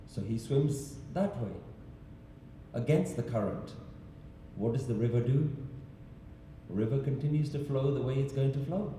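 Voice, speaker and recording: A man's voice: medium pitch, moderate pace, long pauses, warm tone, slight background noise. A man giving a sermon-style talk in a large temple hall, telling a story and asking rhetorical questions. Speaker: religious speaker. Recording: echoey hall, distant mic.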